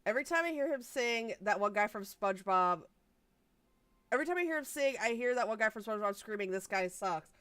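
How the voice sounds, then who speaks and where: Blunt sweary woman streamer, crisp dry voice. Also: a little high, fast talker, no room sound. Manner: swears freely, blunt and excitable. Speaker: livestream host. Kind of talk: casual livestream chat.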